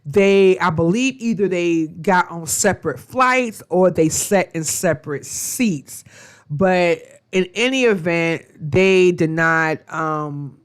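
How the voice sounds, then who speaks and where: A woman's voice: fairly low pitch, slow pace, clean tone. A woman recapping a reality TV episode in a casual, chatty way, with lots of fillers and slang. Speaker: reality TV reviewer.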